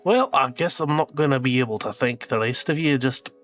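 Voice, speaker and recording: A man's voice: mid-range voice, brisk, fairly bright tone, lightly acted. Man doing a folksy boastful dwarf. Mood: jovial. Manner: folksy, rambling. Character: boastful hard-drinking male dwarf.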